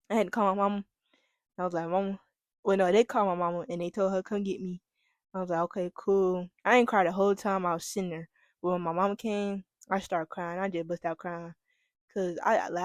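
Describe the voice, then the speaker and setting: Animated young woman telling stories. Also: lowish voice, no room sound. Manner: animated, laughing, addresses listeners as y'all. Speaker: podcast host. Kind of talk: casual storytelling monologue.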